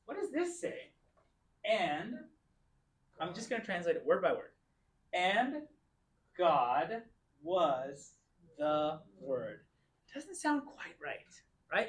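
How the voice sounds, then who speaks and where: A man teaching a church Greek class, explaining patiently and reading Greek slowly, word by word. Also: high-pitched, pushed and bright. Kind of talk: classroom lecture.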